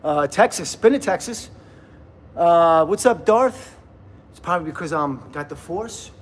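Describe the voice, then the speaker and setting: A man's voice: a little high, lively intonation, unhurried. A man in his fifties chatting casually on a livestream from a gym, rambling and laughing often as he greets viewers. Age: 50s.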